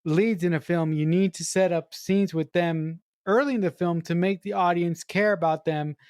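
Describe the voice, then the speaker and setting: Eager woman podcaster, lower voice. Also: moderate pace, a little mellow, no room sound, studio quality. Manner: enthusiastic, repeats words while gathering thoughts. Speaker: podcast co-host, writer. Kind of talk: casual movie review chat.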